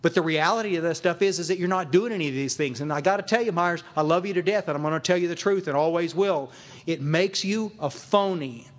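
A blunt, caring older male sponsor lays it out firmly and directly, as a man quotes him. His voice is high, and he talks in a steady, lecturing way. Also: quick pace, close to an everyday voice.

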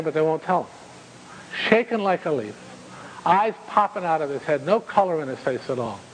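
A man telling a vivid first-person story with dramatic pauses and asides to his listeners. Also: fairly high pitch, a little hiss or hum, low-quality recording.

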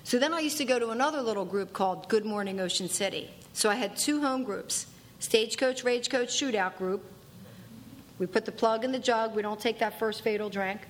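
A woman telling her own recovery story in an earnest, emphatic way, doubling back on her key lines to drive them home. Her voice sits in a middle pitch with a faint background hiss. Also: fairly quick. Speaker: speaker sharing at a recovery meeting. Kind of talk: personal testimony storytelling.

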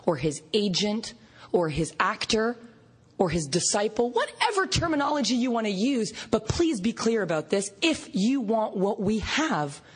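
A woman from Canada giving an animated recovery meeting share, storytelling with laughs and acted-out quotes. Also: medium pitch, slightly rough. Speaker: recovery fellowship speaker.

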